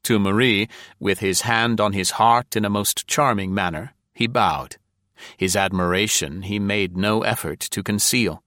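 A man narrating an audiobook in a measured, formal storytelling manner. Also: on the low side, bright, forceful tone, dry recording, studio quality.

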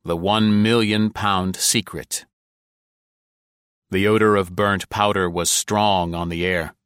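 A man narrates an adventure novel in a measured, dramatic reading. His voice is very deep and low. The recording is dry and close, with no room sound. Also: fairly even intonation, fairly bright tone, clear, resonant tone, no room sound. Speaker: audiobook narrator. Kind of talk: scripted narration.

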